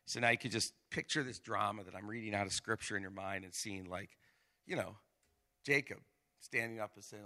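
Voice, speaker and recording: A man preaching a sermon, reading scripture aloud with dramatic emphasis and animated asides. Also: fairly low pitch, a little fast. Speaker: pastor.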